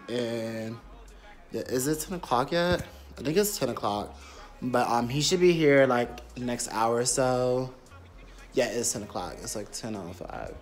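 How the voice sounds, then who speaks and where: A young man vlogging on his phone in a rented apartment, chatty and rambling, with lots of fillers like "period". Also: medium pitch. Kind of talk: casual vlog talk to camera. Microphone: phone camera.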